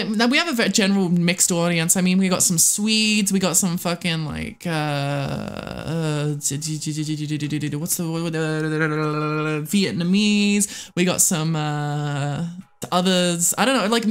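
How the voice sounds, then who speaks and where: A woman from the United States streaming a game live, excitable and swearing often, muttering under her breath and then breaking into squealing shrieks. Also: on the low side, measured pace. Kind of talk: live gameplay commentary.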